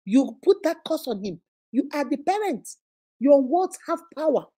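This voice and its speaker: A woman's voice: high voice, very animated, normal speed, warm tone. A woman with a Nigerian accent hosting a relationship advice livestream, speaking emphatically and preaching directly to her viewers.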